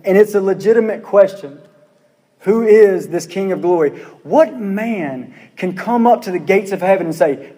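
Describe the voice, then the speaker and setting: Pastor guy preaching, kinda high voice, lots of questions, church hall echo. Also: fairly quick, a little mellow. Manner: earnest preaching, rhetorical questions, repeats phrases. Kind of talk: sermon.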